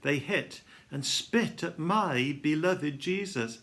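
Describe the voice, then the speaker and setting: A man with a gravelly, bright voice reads a devotional passage in the first person. He tells it with strong feeling, dropping to a hush and then rising again. The voice sits a little above the usual male range. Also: a little high, slow pace, few pauses. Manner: emotional storytelling, swings between hushed and loud. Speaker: devotional reader. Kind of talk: dramatic first-person reading.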